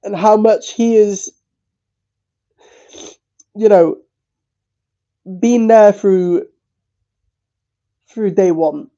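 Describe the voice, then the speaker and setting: A tearful man streaming, speaking haltingly with repeated words and swearing. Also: high-pitched, dark tone, highs cut off. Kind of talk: emotional livestream talk.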